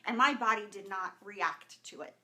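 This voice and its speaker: A woman's voice: medium pitch, expressive, normal speed, sharp tone. A woman in her thirties from Southern California, talking casually to viewers in a live video, greeting them by name with lots of fillers and openly emotional. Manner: openly emotional, close to tears. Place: indoors at home with camera and lighting setup.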